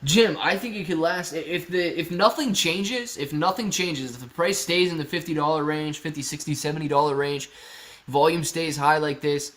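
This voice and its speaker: A man's voice: fairly high pitch, normal speed, a bit bright. A man hosting a casual livestream, chatting and answering viewer comments in a loose, rambling way. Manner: chatty, restarts sentences, calls viewers guys and bro. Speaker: livestream host.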